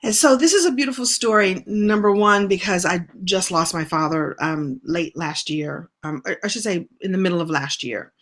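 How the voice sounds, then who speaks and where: A middle-aged woman coach telling a personal story in an animated, heartfelt way as a motivational talk. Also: lowish voice, moderate pace, few pauses. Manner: animated, heartfelt, with self-corrections. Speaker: coach and speaker.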